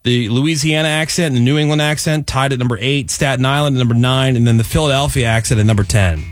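A man's voice: mid-range voice, fast, dry recording. Man hosting a morning radio show. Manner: reads a phone number and list, then jokes and complains.

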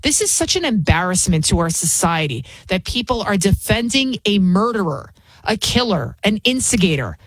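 A woman's voice: mid-range voice, very animated, normal speed, no echo. A woman, hosting an opinionated commentary show in an indignant, repetitive rant.

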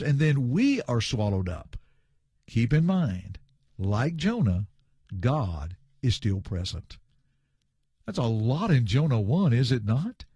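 A man's voice: mid-range voice, slightly rough, no echo, studio quality. A man preaching a sermon, explaining a scripture passage verse by verse. He talks in an emphatic way, returns to the same refrains and calls his listeners friends. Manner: animated, emphatic, repeats refrains.

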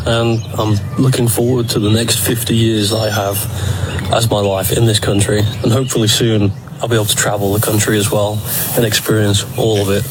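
A man's voice: fairly low pitch, noisy background. A man earnestly telling a social media audience about his life as an immigrant. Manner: earnest, grateful. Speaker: immigrant sharing his experience. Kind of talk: social media video monologue.

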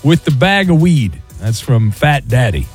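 A man hosting a talk radio show, brisk and teasing as he reads out listener questions. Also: medium pitch, sing-song, soft background music. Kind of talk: sports talk radio chat.

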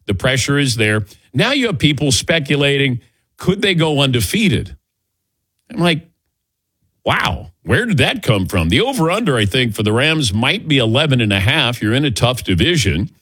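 A man's voice: medium pitch, moderate pace, breathy edge, no echo. A man hosting a sports talk show, telling stories with wry asides. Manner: animated storytelling, wry asides. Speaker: sports radio host.

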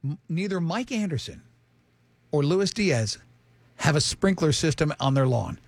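A man's voice: fairly high pitch, animated, measured pace, vocal fry, dry recording. A middle-aged man hosting a radio talk show, joking and bantering with his co-hosts. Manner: joking, does mocking voices of others. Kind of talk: casual banter.

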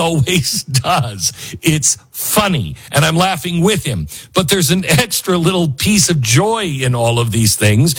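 A husky-voiced man hosts a political talk show, his pitch bouncing all over as he riffs sarcastically. His voice sits a little high for a man, and he breaks into laughter and mocking asides. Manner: animated, sarcastic, laughs often and mimics people. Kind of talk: opinionated commentary monologue.

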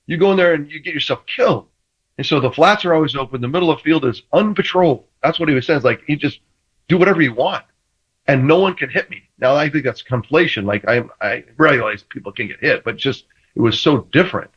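Man, former quarterback, animated storyteller, playful quoted banter, dull lo-fi sound. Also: medium pitch, fast, husky. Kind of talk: casual sports talk.

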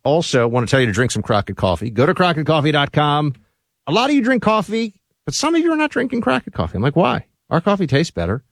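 A man's voice: on the high side, big pitch swings, quick pace, dry recording, clean studio sound. A man reading a casual, salesy advertisement. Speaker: ad reader. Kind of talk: casual ad read.

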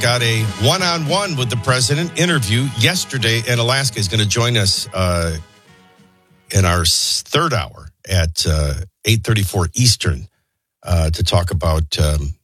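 Radio morning host guy, kinda husky, dry close sound, snarky opinionated takes on the news. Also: lowish voice, a bit bright, dry recording. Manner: opinionated, sardonic asides. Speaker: radio talk show host.

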